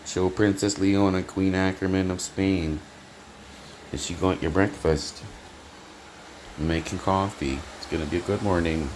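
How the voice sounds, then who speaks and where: A Canadian man vlogging from his small apartment, talking in a halting, rambling way, full of fillers and restarts, with fond pet names for an absent listener and his cat. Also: low voice, fairly even intonation, a little mellow, slight background noise. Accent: Canadian English. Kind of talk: rambling home vlog talk to camera. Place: small apartment kitchen, indoors.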